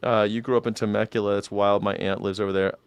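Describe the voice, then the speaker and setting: A man's voice: lowish voice, level tone, fast talker, smooth, no echo. Profane rambling man hosting a live stream. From California. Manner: profane, rambling, chatty with chat readers. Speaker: news reaction show host. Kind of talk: casual live-stream commentary.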